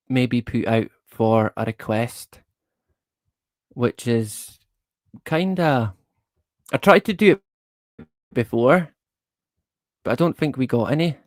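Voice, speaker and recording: A man's voice: medium pitch, takes it slowly, pauses often, a little mellow, no room sound, clean studio sound. A man hosting a casual livestream, rambling in a laid-back way, chuckling often and swearing casually. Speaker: livestream host.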